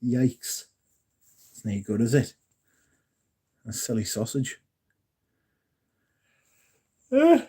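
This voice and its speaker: A man's voice: medium pitch, huge pitch swings, slow pace, pauses often, warm tone, slightly rough. An English man hosting a casual livestream, rambling and correcting himself, swearing and joking as he answers chat. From England. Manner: rambling, self-correcting, jokey and profane. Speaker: livestream host.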